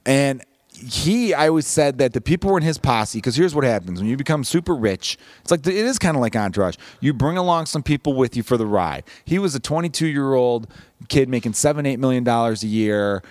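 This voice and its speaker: A man hosting a podcast in loose, casual chat, with a steady mid-range voice. He talks very fast and swears freely, piling up restarts as he rambles through a story. The sound is close and dry, with no room around it. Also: mid-range voice, no room sound. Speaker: podcast host.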